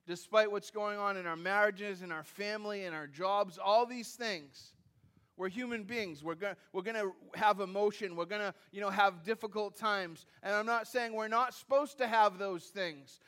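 A man's voice: sits high, normal speed, fairly bright tone, clean tone. A man preaching a sermon in a conversational way, with asides and self-deprecating humor, often repeating phrases and restarting as he builds his points. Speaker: pastor.

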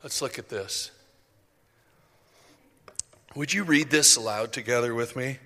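The pastor here has a mid-range voice with a sharp tone and speaks a little slowly. His conversational sermon to the congregation, chatty and self-deprecating with frequent asides, echoes with the long reverb of a church hall.

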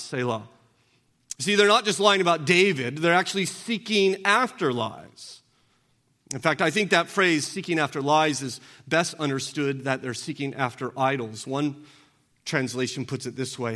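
A pastor preaching a sermon in an earnest manner, now and then acting out quoted speech. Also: male voice, on the high side, normal speed, fairly bright tone. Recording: long hall reverb.

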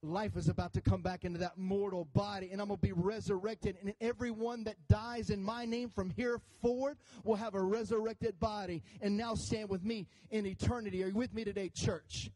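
A pastor preaches a sermon to his church in a high, slightly fast voice with hardly any pauses, captured on a low-quality recording. He tells an animated story, cracking jokes and calling out for the congregation to answer.

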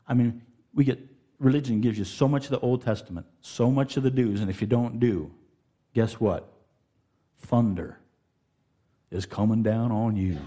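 A middle-aged man preaching a sermon in a folksy, animated storytelling way, laughing and putting on voices. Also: medium pitch. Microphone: handheld mic.

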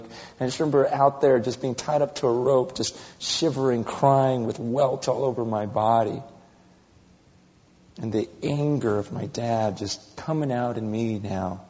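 A man in his thirties preaching a sermon, telling stories animatedly and swinging between loud exclamations and hushed confession. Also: medium pitch, moderate pace. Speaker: pastor. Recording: dull reverberant hall recording.

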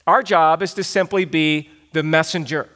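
A man's voice: a little high, fairly even intonation, moderate pace, a bit bright. A man preaching a sermon, reading scripture aloud and explaining it with emphasis. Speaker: pastor.

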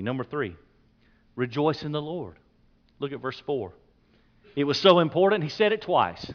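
A man preaching a sermon as pastor, emphatic, repeating key points and dropping his voice low on the words he stresses. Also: sing-song, normal speed, pauses often, dull audio.

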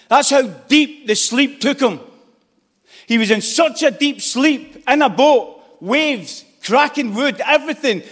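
A man's voice: extremely high pitch, fairly bright tone. A man preaching a fervent sermon in a church hall, pressing his points with repeated calls and exclamations. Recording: long echoing reverb of a large hall.

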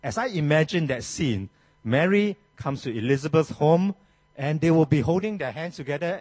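A male pastor delivers a sermon with a husky, slightly rough tone and a pitch that rises and falls widely. He preaches emphatically, often restarting phrases. The sound is dry and close. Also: animated, moderate pace, darkish tone, dry recording.

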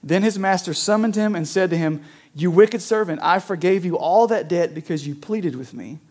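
Male pastor, high-pitched voice, casual, conversational sermon delivery. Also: moderate pace, a little mellow. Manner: conversational, frequent "right?" asides.

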